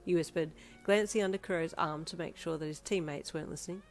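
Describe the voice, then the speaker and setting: A woman reading a fan story aloud in the second person, telling it at a steady storytelling pace. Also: low voice, fast, hardly any pauses, faint music behind. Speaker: story reader.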